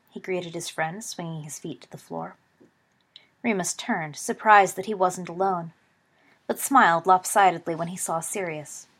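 A woman reading a story aloud in quiet, measured narration. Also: on the low side. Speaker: reader.

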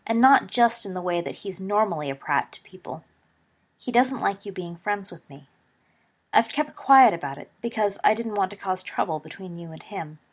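Woman reading an earnest, soft-spoken teenage boy. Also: mid-range voice, animated, normal speed, natural voice. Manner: quiet, earnest and careful.

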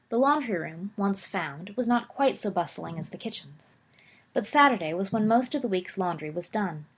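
Female reader, airy breathy tone, steady story narration. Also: mid-range voice. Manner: even storytelling with small slips. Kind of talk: fan fiction read aloud.

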